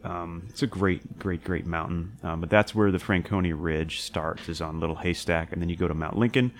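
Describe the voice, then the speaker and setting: A young man with a very deep voice talks loosely in a casual chat. He rambles through his story with lots of fillers and restarts, and he swears freely. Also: moderate pace. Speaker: podcast co-host recounting a hiking trip.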